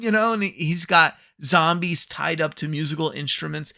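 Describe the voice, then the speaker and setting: Brief: male reviewer, sarcastic and profane, slightly high, gravelly. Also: moderate pace, few pauses, sharp tone. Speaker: podcast host. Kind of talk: ranting TV review.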